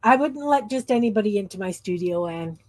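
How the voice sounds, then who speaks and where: A woman's voice: medium pitch, animated, brisk, no room sound. A woman in her fifties hosting a craft livestream, chatting casually in a rambling, easily sidetracked way. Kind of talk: casual chat while crafting.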